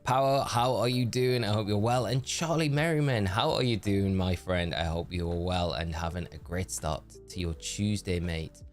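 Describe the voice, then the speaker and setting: Low-voiced man streaming a game. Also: moderate pace, few pauses, faint music behind. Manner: chatty, thinking aloud, greets chat. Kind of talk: casual game commentary.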